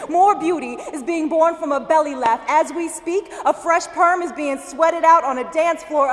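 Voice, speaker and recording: A woman from Denver, a slam poet, performing spoken word with an expressive, emphatic delivery and chatting with the audience between poems. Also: high-pitched. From Denver, Colorado. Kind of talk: slam poetry reading with stage banter. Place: university event hall. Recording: echoey hall with faint ambience.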